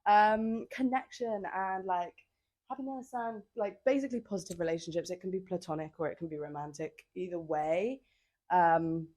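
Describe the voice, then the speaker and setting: A woman's voice: on the low side, moderate pace, darkish tone, no room sound. Chatty young woman, rambling podcast talk. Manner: chatty, rambling, filler-heavy, sassy asides. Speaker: podcast host. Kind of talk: casual solo podcast chat. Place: outdoors on holiday by the sea. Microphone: handheld microphone.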